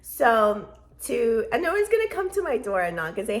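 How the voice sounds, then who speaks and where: A woman's voice: mid-range voice, expressive, normal speed, vocal fry. A woman vlogger rambling casually to her viewers in a chatty, playful way, laughing often. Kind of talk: casual rambling vlog chat.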